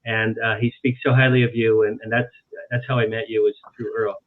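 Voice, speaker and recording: A man, an author guest on an interview show, telling animated anecdotes and repeating phrases for emphasis. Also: fairly low pitch, fairly quick. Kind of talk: storytelling in a talk-show interview. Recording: tinny phone-like line.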